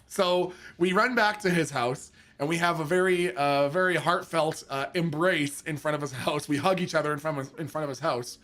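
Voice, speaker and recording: Animated, high-voiced man telling a story. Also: normal speed, hardly any pauses. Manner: animated, laughs often, acts out drunken quotes in a raised voice, swears freely. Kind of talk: casual storytelling.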